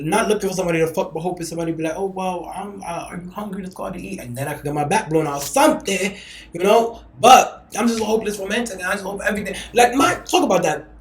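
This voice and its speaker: A man hosting a podcast, telling stories in a casual, animated, profane way. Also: on the high side, roomy sound. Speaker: podcast host. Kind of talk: casual chat.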